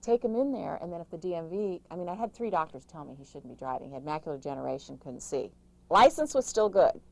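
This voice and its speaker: A woman's voice: lowish voice, animated, quick pace, gravelly, a little mellow, rough recording. Emphatic woman giving caregiving advice. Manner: emphatic, tumbling advice with restarts. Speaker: author and caregiving advocate. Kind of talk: interview answers.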